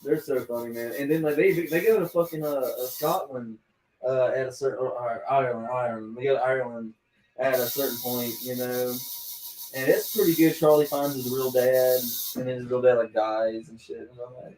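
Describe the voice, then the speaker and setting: A man's voice: medium pitch, brisk, slight background noise. A man in a tattoo shop chatting casually and retelling comedy scenes with energy. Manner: animated storyteller who acts out the scenes. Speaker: tattoo artist. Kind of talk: casual chat while tattooing. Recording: echoey room, mic far off.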